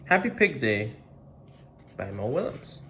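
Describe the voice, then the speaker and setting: A man's voice: mid-range voice, very animated, a little slow, a bit bright, a little hiss or hum. A man reading a children's picture book aloud, adding chuckling asides about the story. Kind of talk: read-aloud storybook narration.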